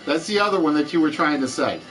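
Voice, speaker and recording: A man's voice: a little high, expressive, fast, a bit bright, faint music behind, poor audio. A man with a Southern US accent hosting a live-streamed trivia game show, chatting with viewers and answering their comments as he goes.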